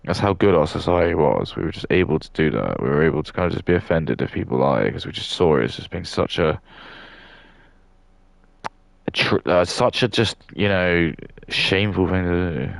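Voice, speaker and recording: A man's voice: deep voice, expressive, normal speed, gravelly, dry recording. A young man with a southern English accent, rambling in a casual monologue full of fillers and restarts. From southern England. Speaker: streamer.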